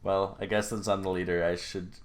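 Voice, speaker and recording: A young man playing a tabletop game with a very deep voice. He talks casually, joking with the group. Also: level tone, brisk. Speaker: player.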